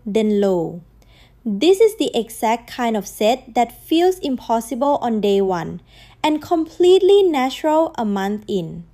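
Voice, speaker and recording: Slow, mellow-voiced woman teaching. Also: fairly high pitch. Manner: patient, demonstrative, drawing out example words. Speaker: Thai language teacher. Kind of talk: tone drill lesson.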